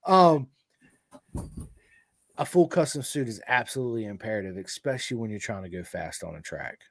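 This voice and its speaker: An American man hosting a podcast, chatting casually and telling animated, hyped-up stories to his guest. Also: on the low side, quick pace, vocal fry, no room sound, clean studio sound. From United States. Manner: excitable, hyping, animated storyteller. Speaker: podcast host. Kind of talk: casual chat with ad read.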